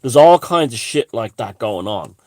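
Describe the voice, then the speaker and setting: A man's voice: mid-range voice, animated, normal speed, a little mellow, no echo. A man giving a heated, rambling political monologue, swearing and restarting his sentences. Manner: heated, profane, full of restarts and asides. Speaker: commentator.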